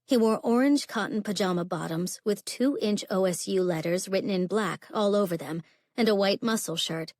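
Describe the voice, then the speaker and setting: A woman reads a contemporary romance novel aloud in a steady, even storytelling voice. Her pitch is average for a woman, and the recording is close and dry. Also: normal speed, no echo. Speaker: audiobook narrator. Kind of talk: scripted narration.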